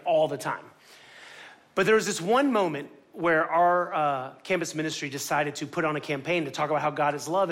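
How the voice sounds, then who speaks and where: Male pastor from Miami, high-pitched, animated storytelling sermon delivery.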